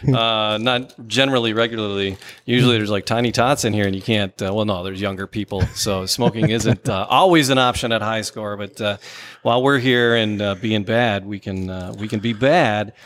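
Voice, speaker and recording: A man's voice: on the low side, normal speed. A man hosting a podcast in casual, rambling chat. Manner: relaxed, rambling with fillers. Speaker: podcast host.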